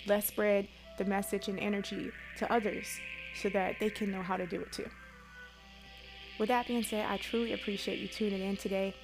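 A woman's voice: medium pitch, flat delivery, moderate pace, poor audio. A woman giving a motivational self-help talk to her viewers, earnest and coaching, repeating key phrases for emphasis. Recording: clear music bed behind voice.

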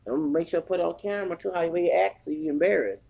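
Podcast host, forties, casual storytelling rant, raspy and gravelly, cussing a lot. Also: mid-range voice, racing, dark tone, highs cut off. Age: 40s. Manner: profane, rambling, heated.

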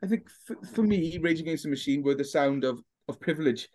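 Fast-talking Welshman telling stories. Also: a little high. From Wales. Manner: animated storyteller, puts on voices for jokes. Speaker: guest. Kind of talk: casual podcast chat.

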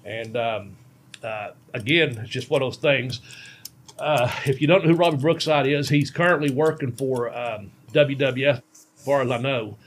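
A man's voice: mid-range voice, normal speed, a little hiss or hum. Folksy man spinning road stories. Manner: rambling, folksy, laughs at himself. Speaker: former pro wrestler telling road stories. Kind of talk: casual storytelling on a podcast.

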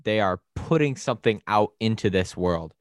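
A young podcast co-host chats in a relaxed, agreeable way and reads out a guest introduction. The voice sits in a middle pitch. The sound is close and dry. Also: normal speed, no echo. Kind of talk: casual podcast chat, read guest introduction.

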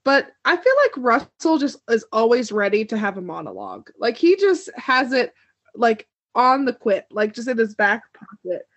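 A woman's voice: a little high, big pitch swings, moderate pace, fairly bright tone, dry recording. A young woman co-hosting a casual TV recap chat, talking with lots of fillers and frequent laughter. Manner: chatty, laughs often, many "like" fillers. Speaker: podcast co-host. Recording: dull dry lo-fi sound.

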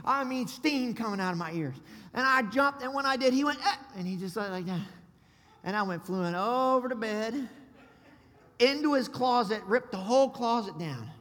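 A man preaching a sermon, excitable and storytelling, with loud shouted peaks. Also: extremely high pitch, normal speed. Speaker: pastor. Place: church sanctuary. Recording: long hall reverb.

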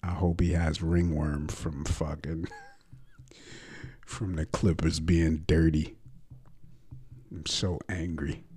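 A man's voice: a bass voice, a little mellow, breathy edge. A young man ranting about sports on a podcast, brash, profane and mocking.

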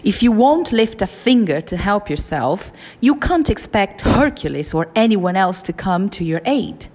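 A woman's voice: medium pitch, big pitch swings, a little slow, darkish tone, long reverb tail. A woman voicing a stern male god from an ancient fable who firmly tells a man to help himself. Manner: firm, admonishing.

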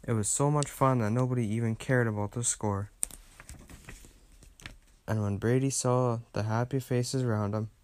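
A man reading a children's storybook aloud with gentle, steady storytelling. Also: medium pitch, normal speed, long pauses, slight background noise. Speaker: narrator.

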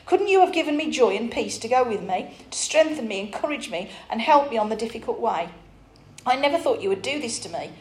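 A woman's voice: on the high side, expressive, normal speed, darkish tone, close to an everyday voice. A woman voicing a frightened, timid young pilgrim woman who pleads tearfully and breathlessly, in a roomy recording. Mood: pleading. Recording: roomy echo.

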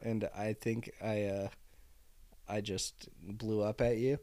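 A young man as a guest in a casual chat, relaxed and laughing along between short remarks. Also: lowish voice, slow. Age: young adult.

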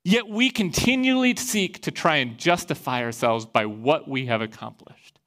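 A pastor from Iowa, a man giving a sermon and telling a personal story in a lively way, acting out the voices he quotes. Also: a little high, moderate pace. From Iowa, USA.

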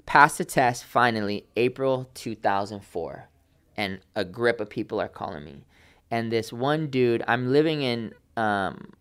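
A young man in his twenties, a podcast guest, telling a story in a lively way and acting out the people he quotes. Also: medium pitch, measured pace, clean tone. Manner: animated, acts out quoted voices. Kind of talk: casual storytelling.

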